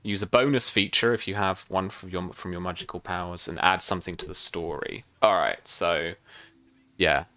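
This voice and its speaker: A man's voice: deep voice, fairly even intonation, normal speed, bright, forceful tone, dry recording. A man as game master of a tabletop game, rambling with many fillers and restarts. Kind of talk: narrating a tabletop game on a stream.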